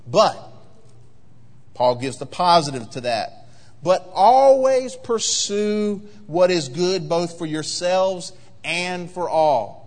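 A man preaching a sermon as pastor, animated and firing rhetorical questions at the congregation. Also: on the high side, slow, long reverb tail. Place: church sanctuary.

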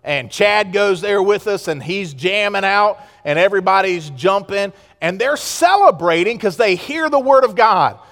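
A male pastor from the United States, preaching a sermon with passion and moving between loud exhortation and hushed asides. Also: high-pitched, expressive, moderate pace, hardly any pauses. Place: church sanctuary. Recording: long reverb of a large hall.

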